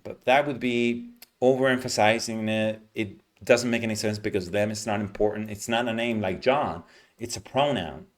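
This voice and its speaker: Low-voiced man teaching pronunciation. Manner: explains patiently, models words slowly with stress. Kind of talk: teaching lesson, explaining reading aloud.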